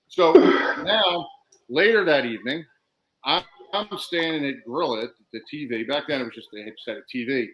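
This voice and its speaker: A man's voice: fairly high pitch, expressive, fairly quick, crowd noise, poor audio. A man guesting on a podcast, telling wrestling stories, laughing and acting out what people said. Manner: laughs through stories, acts out quotes. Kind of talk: animated storytelling.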